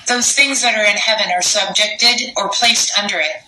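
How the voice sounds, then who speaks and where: Female reader, very bright tone, echoey room, faint hiss behind. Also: mid-range voice, normal speed. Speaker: reader of the text. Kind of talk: reading a text aloud.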